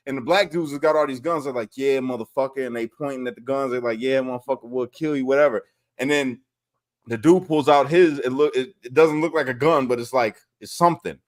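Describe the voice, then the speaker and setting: A man co-hosting a podcast, telling stories in a loose, profane way and laughing as he retells funny clips. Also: medium pitch. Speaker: podcast co-host. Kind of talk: casual chat, storytelling.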